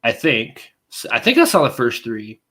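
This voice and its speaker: Animated, rambling man telling stories. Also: medium pitch, normal speed. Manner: animated storytelling, acts out scenes with voices; rambling, self-interrupting. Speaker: podcast co-host. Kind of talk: casual chat.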